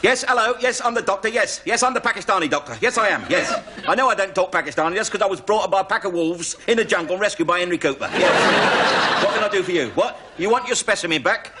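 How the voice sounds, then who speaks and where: An actor playing a cheeky burglar. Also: male voice, sits high, fast talker, close to an everyday voice. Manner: chatty, bluffing, full of tag questions. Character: cheeky middle-aged male burglar bluffing as a doctor. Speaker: comic actor in a sketch. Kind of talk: television sketch comedy acting. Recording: noisy old TV recording.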